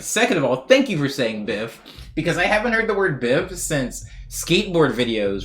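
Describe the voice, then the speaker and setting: A young man livestreams, reading viewer comments out loud and riffing on them in a rambling, jokey style, laughing often and trailing off on tangents. His voice is medium in pitch and a bit bright.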